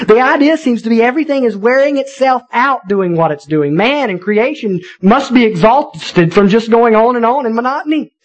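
A man preaching a sermon in a conversational, animated way, with wry asides to the congregation. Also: extremely high pitch, normal speed, hardly any pauses, poor audio. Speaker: pastor.

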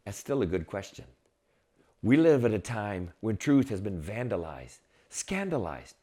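A man preaching a sermon, reading scripture and acting out the crowd's shouts with dramatic swings. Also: fairly low pitch, big pitch swings, measured pace. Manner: reads scripture aloud. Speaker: pastor.

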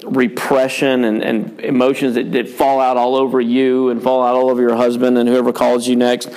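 A man's voice: medium pitch, flat delivery, moderate pace, a little mellow, clean tone. A man, a pastor and father, talking about parenting in a frank, rambling, self-deprecating way, with many fillers and restarts. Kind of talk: casual pastoral chat on parenting.

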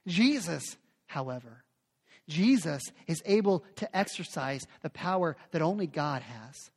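A man's voice: on the high side, expressive, moderate pace. A man preaching a sermon with emphatic delivery, often repeating phrases for effect. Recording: long hall reverb.

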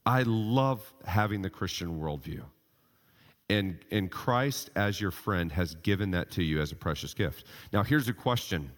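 Deep-voiced male preacher in a reverberant hall. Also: a little slow. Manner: animated, rhetorical questions, reads scripture aloud. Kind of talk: sermon.

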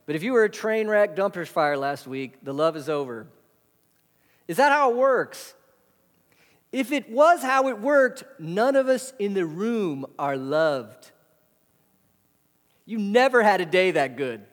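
A man's voice: high-pitched, expressive, a little slow, long pauses. Man preaching with rhetorical questions, hall reverb. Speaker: pastor. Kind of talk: sermon. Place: church hall.

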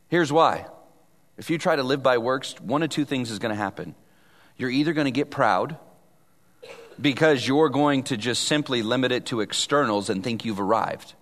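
A man preaches with an earnest, fairly high voice. He presses hard on key lines and then sinks to a hushed tone. The sound rings with the long reverb of a church hall. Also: expressive, normal speed. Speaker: pastor. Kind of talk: sermon.

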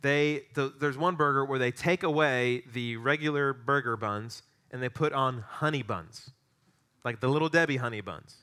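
A middle-aged man preaching a sermon, telling a story with animated, excitable energy. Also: mid-range voice, normal speed, smooth. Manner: storytelling, animated, rising to excited peaks in anecdotes. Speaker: pastor.

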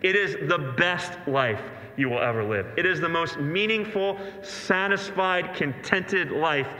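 A man's voice: a little high, lively intonation, a little slow, sharp tone. A male pastor preaching an earnest, emphatic sermon to a congregation in a church, with rhetorical questions. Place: large church sanctuary. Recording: echoey hall reverb.

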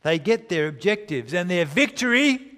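Guy preaching a sermon, slightly high voice, slows way down for emphasis, long hall echo. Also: very animated, fairly bright tone. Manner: dramatic, slows for emphasis, reads scripture aloud.

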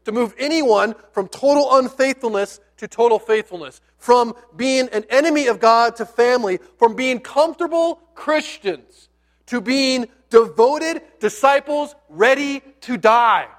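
A male pastor preaching a sermon in a conversational, animated storytelling style with playful asides, dropping to a near hush on key words. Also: very high voice, a little slow.

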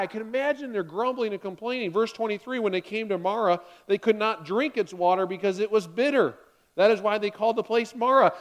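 Animated high-voiced male pastor preaching. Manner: animated, acts out the grumbling Israelites in quick excited bursts. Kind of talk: sermon.

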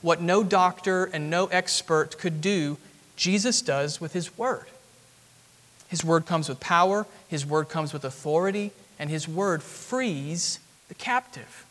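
A man's voice: on the high side, a little slow, fairly bright tone. A man preaching an expository sermon in a church, earnest and building to emphatic peaks. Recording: long hall reverb.

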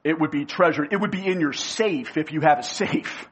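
A male preacher giving a sermon. He speaks emphatically, repeats key phrases and slows down to give them weight. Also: fairly high pitch, fairly bright tone, husky.

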